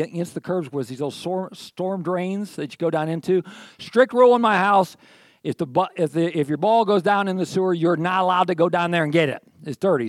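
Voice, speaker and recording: This middle-aged pastor has a high-pitched voice, recorded clean in a studio with no room sound. He preaches a sermon through folksy, conversational stories, often checking in with listeners by asking "okay?"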